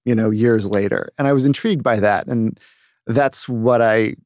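A man with a calm, soothing voice talks through a relaxed studio podcast chat. He tells stories at an even, measured pace and sounds close and dry on the mic. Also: lowish voice, no echo. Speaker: podcast regular, review curation manager.

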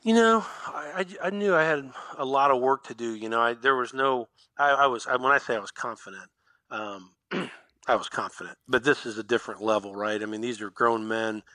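Middle-aged Indiana man, lively guest storyteller with a bright, dry-miked voice. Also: mid-range voice, a little fast, dry recording. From Indiana, USA. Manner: animated storyteller, acts out quoted lines. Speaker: guest, former basketball player. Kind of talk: storytelling in a podcast interview.

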